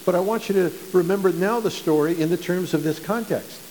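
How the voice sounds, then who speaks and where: A man's voice: high-pitched, fairly quick, a little mellow, in a large hall, slight background noise, low-quality recording. A male pastor preaching a sermon in a conversational way, often repeating and restarting words.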